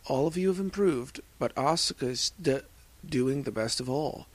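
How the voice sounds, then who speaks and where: A man voicing a brisk, businesslike adult woman scientist in a fan fiction reading. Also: mid-range voice, close to an everyday voice.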